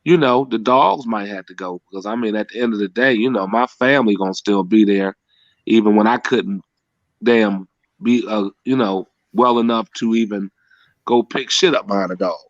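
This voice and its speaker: A man chatting casually as a podcast guest. He talks in a halting, hedging way, with many restarts and "you know.". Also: on the low side, no room sound. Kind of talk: casual chat. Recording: dull, lo-fi, dry sound.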